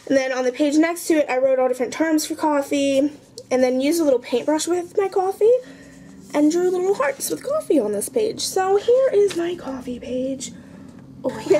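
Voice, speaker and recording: A woman's voice: sits high, a little mellow, slight background noise. A young woman chatting casually, rambling and poking fun at herself as she shows off her art journal at home. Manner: chatty, rambling, self-mocking. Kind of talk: casual show-and-tell vlog.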